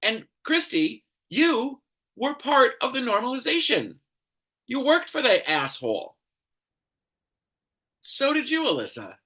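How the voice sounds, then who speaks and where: Profane ranting male commentator, bright voice. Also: very high-pitched, big pitch swings, unhurried, long pauses. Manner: angry, profane, exasperated. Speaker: commentary show host.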